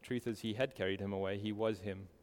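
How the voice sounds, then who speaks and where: A man's voice: fairly low pitch, steady tone, fast talker, darkish tone, long reverb tail. A man preaching a sermon earnestly, asking his listeners direct questions. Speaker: pastor.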